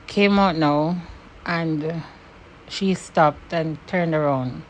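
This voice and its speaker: Brief: Jamaican woman, low-pitched, vlog storytime, fired up, swears, falls into patois. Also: extremely slow, a little hiss or hum. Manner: animated, swearing, slips into patois when angry. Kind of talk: storytime monologue to camera.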